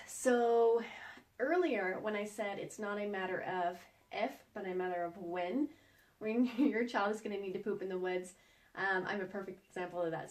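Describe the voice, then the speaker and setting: A woman in her forties, an outdoor educator, giving a casual how-to talk and telling a personal story in a chatty, animated way with light laughs. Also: medium pitch.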